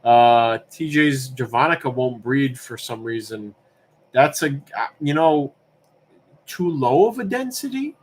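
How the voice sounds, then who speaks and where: A man's voice: medium pitch, slow pace, a little hiss or hum. Laid-back man hosting a live auction. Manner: relaxed and rambling, answers chat questions between auction calls. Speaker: livestream auction host. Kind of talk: casual live-stream chat.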